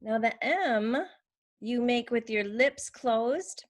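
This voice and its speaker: Slow-speaking woman teaching letter sounds. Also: a little high, animated. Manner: demonstrates sounds slowly. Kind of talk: instructional explanation.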